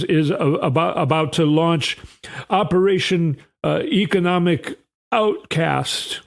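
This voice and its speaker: A man's voice: on the high side, creaky. A man voicing a flustered male finance official who halts and repeats words over and over. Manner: halting, endlessly repeating words.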